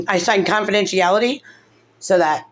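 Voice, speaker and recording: In a medium-pitched voice at a measured pace, a woman talks through what's wronged her in an emotional vlog commentary. She's a mother in a custody case, tearful and rambling, her speech full of fillers.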